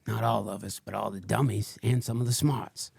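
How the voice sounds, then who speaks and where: A man putting on a gravelly ranting crank. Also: lowish voice, fairly even intonation, moderate pace, a little mellow, no room sound, heavily acted. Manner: rambling, crude, mock-solemn tirade. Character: unhinged ranting male conspiracy crank. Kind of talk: comedic character monologue.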